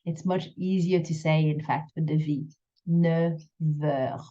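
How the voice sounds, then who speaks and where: Woman, pronunciation lesson, careful drawn-out examples, warm dark tone. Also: sits low, steady tone, highs cut off. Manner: slow, careful explanations with drawn-out French examples. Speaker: French teacher.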